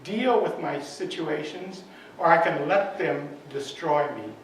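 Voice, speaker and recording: A man's voice: fairly high pitch, measured pace, a little hiss or hum, lightly acted. A man voicing a troubled, searching woman. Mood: wondering. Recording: echoey hall, far from the mic.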